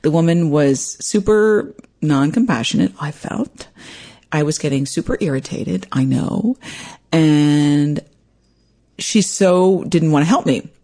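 A woman hosting her own podcast, telling a personal story in a lively way and acting out what people said. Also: deep voice, takes it slowly. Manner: animated, acts out quoted voices. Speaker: podcast host.

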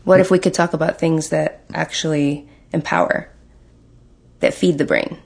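A woman's voice: low-pitched, moderate pace, creaky, husky. A woman talking as a guest in a casual chat, giving encouraging coaching advice.

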